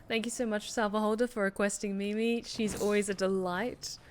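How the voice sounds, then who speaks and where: A woman's voice: mid-range voice, steady tone, brisk, few pauses, slight background noise. A woman streaming a game, thinking aloud in casual, hesitant chat full of fillers. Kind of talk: casual gameplay commentary.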